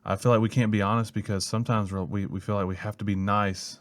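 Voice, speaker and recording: A thoughtful man from Mississippi with a Southern American accent shares his views in a podcast conversation. His voice sits fairly low, and his delivery is measured. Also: flat delivery. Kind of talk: casual faith discussion.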